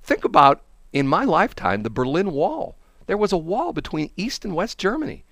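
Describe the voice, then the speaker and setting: A man's voice: sits high, normal speed, dry recording, studio quality. A man hosting a casual talk show, rambling through opinionated stories with asides. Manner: rambling, animated storytelling with laughs and asides.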